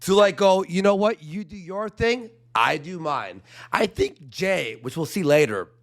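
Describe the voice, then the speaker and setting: A man with a gravelly voice and a slightly high pitch reads out messages with sarcastic disbelief. His voice jumps around a lot and keeps a loose, casual delivery. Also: lively intonation, unhurried. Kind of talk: casual commentary reading messages.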